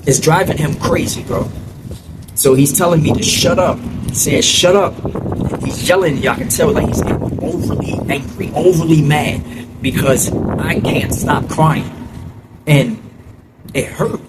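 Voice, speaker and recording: Over loud vehicle noise, a New Jersey man with a fairly high, steady voice recalls a childhood story. He tells it haltingly and casually, packing it with fillers and "you know what I'm saying."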